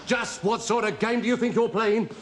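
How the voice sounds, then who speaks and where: An actor playing a bossy, belligerent air raid warden in a studio sitcom, scolding aggressively. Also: male voice, high-pitched, fairly even intonation, moderate pace, very noisy, natural voice. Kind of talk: 1970s studio sitcom acting.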